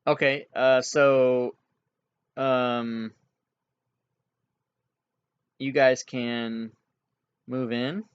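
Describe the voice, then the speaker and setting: A man's voice: mid-range voice, flat delivery, clean tone. Guy dming a tabletop game, lots of ums, dull lo-fi sound. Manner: halting, filler-heavy, chuckles at players. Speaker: game master.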